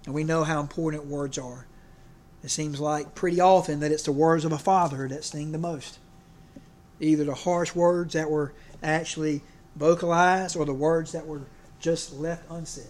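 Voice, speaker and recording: A man's voice: a little high, fairly even intonation, normal speed, darkish tone. A man preaching a folksy sermon, joking and often restarting his sentences. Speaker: pastor.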